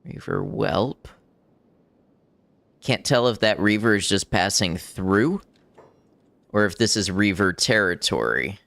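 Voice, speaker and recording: A man's voice: lowish voice, expressive, slow, vocal fry, long pauses, a bit bright, no echo. A man casually commenting on his game as he plays, thinking aloud and chuckling often. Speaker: gaming streamer. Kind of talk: casual let's-play commentary.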